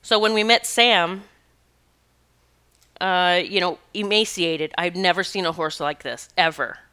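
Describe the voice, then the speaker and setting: An animal communicator and Reiki practitioner, this woman tells a personal story in a loose, earnest, rambling way, often stopping to correct herself. Her fairly low, unhurried voice is smooth and crisp, bright and tense at the edges, with fairly even intonation.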